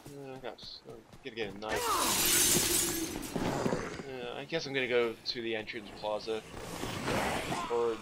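A young man giving casual, profane commentary while playing a video game. He talks to himself in a low, offhand voice and keeps breaking into shouts at the enemies. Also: slight background noise. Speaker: let's play gamer.

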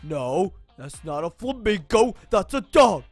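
A woman doing a dopey deep-voiced animatronic bear. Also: very animated, no echo, soft background music. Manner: stammering, slow and simple-minded. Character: dim childish male animatronic bear obsessed with chicken.

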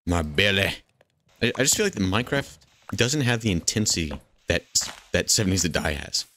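A man giving casual, jokey commentary while playing a video game, with excitable outbursts and playful chatter aimed at the game's characters. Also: lowish voice, fairly quick. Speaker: gaming channel host.

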